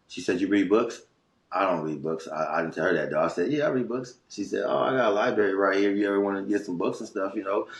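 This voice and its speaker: Middle-aged LA guest, gravelly, streetwise storyteller, roomy echo. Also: male voice, mid-range voice, fairly bright tone. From Los Angeles. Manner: rambling, streetwise, many restarts and "you know what I'm saying". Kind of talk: casual storytelling interview.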